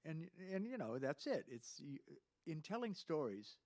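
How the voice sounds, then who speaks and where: A man's voice: on the high side, sing-song, moderate pace, darkish tone. A man hosting a casual chat, telling rambling anecdotes. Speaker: host.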